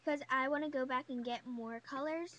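A woman's voice: sits high, brisk, fairly bright tone, low-quality recording. A young woman chatting casually in a beauty haul vlog, gushing and chatty, full of fillers. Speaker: beauty vlogger. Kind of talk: casual haul video chat.

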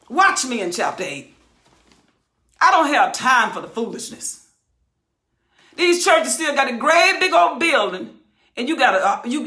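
A woman's voice: high-pitched, pushed and bright. A woman teaching the Bible verse by verse, preaching with passion, hollering and repeating phrases for emphasis. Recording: roomy echo.

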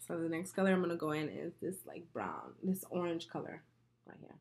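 A woman vlogger chatting casually while doing her makeup, telling a story in an animated, profane way with frequent laughter. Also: deep voice, brisk, vocal fry. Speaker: beauty vlogger.

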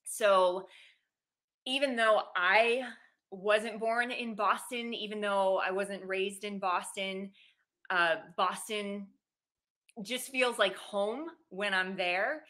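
A woman's voice: medium pitch, fairly even intonation, takes it slowly, sharp tone. A woman sports reporter being interviewed over a video call, answering in a gracious, friendly way. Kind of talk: casual interview chat.

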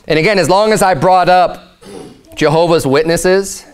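A male pastor preaching a sermon in an animated, emphatic way, acting out quotes. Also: high-pitched, normal speed, clear, resonant tone.

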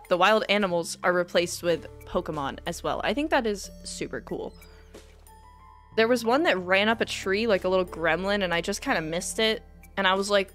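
A woman live-streaming a video game, chatting casually in a rambling, self-deprecating way, full of "like" and quick giggles. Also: lowish voice, fairly bright tone.

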